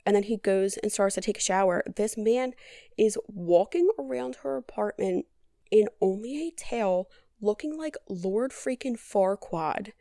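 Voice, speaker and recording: A woman hosts a podcast and retells a movie plot in a chatty, deadpan, sarcastic way, with plenty of "like". Her mid-pitched voice carries a gravelly vocal fry. The recording is close and dry, with no room sound. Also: normal speed, no room sound. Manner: chatty, heavy on "like". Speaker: podcast host. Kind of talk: casual movie recap.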